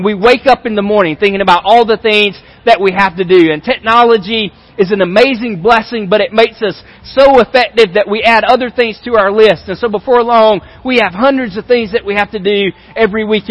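A man's voice: high voice, fairly bright tone, low-quality recording. A male pastor giving a conversational sermon in a large church auditorium, repeating phrases for emphasis.

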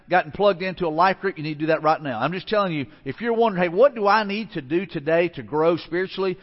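A man's voice: on the high side, big-room sound, lo-fi sound. A man pastor delivering a conversational sermon, telling stories with frequent restarts. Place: church sanctuary.

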